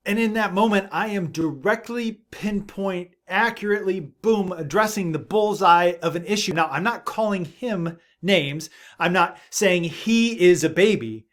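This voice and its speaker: A man hosting a parenting video, father of seven, giving earnest, emphatic advice straight to the camera and dropping his voice low for asides. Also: unhurried, few pauses. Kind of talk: direct-to-camera advice talk.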